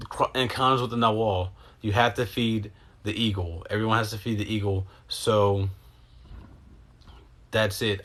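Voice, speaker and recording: Brief: young man, lowish voice, loose rambling monologue, swears a lot, jumps between thoughts. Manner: animated, acts out his own reactions. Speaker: podcast host. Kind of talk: casual storytelling.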